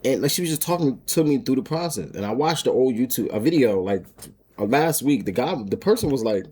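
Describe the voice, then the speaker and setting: A man's voice: medium pitch, lively intonation, brisk, a little mellow, a little hiss or hum. A man vlogging about his homestead, telling a personal story in a casual, rambling way with frequent restarts and laughs.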